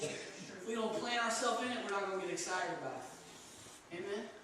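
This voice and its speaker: Male preacher with a high voice, call-and-response sermon, very echoey hall, congregation audible. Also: brisk, a loud crowd. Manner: call-and-response, punctuating lines with "amen", building to shouts. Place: church sanctuary. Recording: echoey sanctuary, distant mic.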